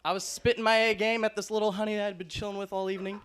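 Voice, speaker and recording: A man's voice: high-pitched, flat delivery, rapid-fire, fairly bright tone, clean tone. A young man performing a brash, profane student stand-up set. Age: young adult. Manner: brash, swearing. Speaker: stand-up comedian.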